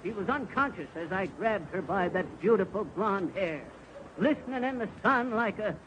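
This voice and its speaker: A boastful rambling yarn-spinner, 1930s radio comedy, high voice, noisy old broadcast. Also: male voice, expressive, moderate pace. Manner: folksy, bragging, rambling. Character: boastful tall-tale-telling middle-aged man. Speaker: comic storyteller.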